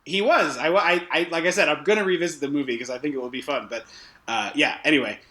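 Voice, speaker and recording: A man co-hosting a casual film podcast, talking in an animated, jokey way and readily conceding points. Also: on the high side, fast talker. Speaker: podcast co-host.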